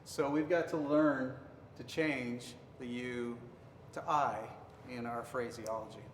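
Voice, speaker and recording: A man's voice: mid-range voice, fairly even intonation, takes it slowly. A man pastor giving an earnest marriage devotional teaching, sometimes acting out accusing tones to make a point. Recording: roomy reverberant hall, faint noise.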